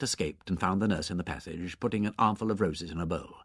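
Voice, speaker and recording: A man narrating a novel as an audiobook in an expressive, measured way. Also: low voice, breathy edge, no room sound, clean studio sound.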